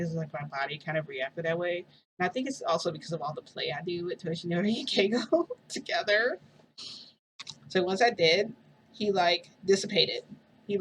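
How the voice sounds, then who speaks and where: A woman's voice: on the low side, a bit bright, a little hiss or hum, rough recording. A woman vlogger telling a personal story in a casual, rambling way, filling her sentences with "like". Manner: rambling, heavy use of "like" fillers.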